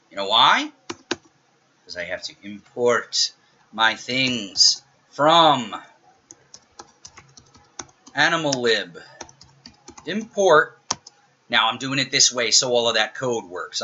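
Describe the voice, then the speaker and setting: Man, middle-aged, programming lecturer, casual and jokey, husky, dull low-fi recording. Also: bright, forceful tone. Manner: casual, joking, talks while typing. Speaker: programming instructor. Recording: dull lo-fi audio.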